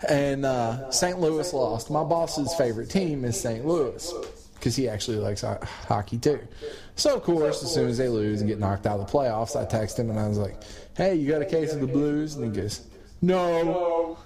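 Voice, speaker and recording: A man's voice: mid-range voice, normal speed, a crowd in the background. Crude joking man telling a story. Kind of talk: casual banter among friends. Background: friends chatting and laughing.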